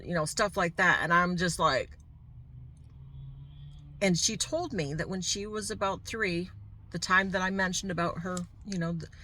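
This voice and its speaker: A woman's voice: fairly low pitch, a bit bright. A middle-aged woman vlogger telling a personal story to camera, candid and heartfelt, with asides to the viewer.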